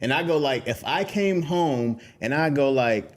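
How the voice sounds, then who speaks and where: A man's voice: on the high side, animated, normal speed. A man co-hosting a podcast, arguing his point in a casual debate, emphatic and insistent, often breaking into laughter. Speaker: podcast co-host.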